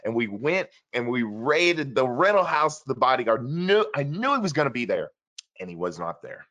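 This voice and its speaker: A man telling a story in an interview, earnest and urgent, acting out the dialogue of the people in it with big jumps in pitch and loudness. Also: normal speed. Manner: animated, acts out quoted dialogue with big shifts in pitch and loudness.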